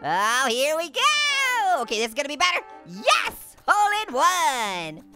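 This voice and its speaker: A man's voice: wildly swooping pitch, a little slow, bright, forceful tone, soft background music, full character voice. A man voicing a hyper, wisecracking talking orange who tells puns and laughs at his own jokes while commentating a game. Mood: goofy. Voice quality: squeaky, high, gravelly edge. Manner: giggly, pun-telling, constantly laughing at own jokes. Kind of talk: gaming let's-play commentary.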